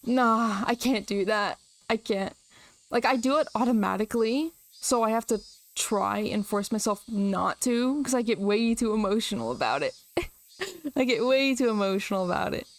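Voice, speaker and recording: A woman's voice: fairly high pitch, animated, measured pace. A young woman streamer chatting casually and emotionally while reading a visual novel aloud, rambling with lots of "like".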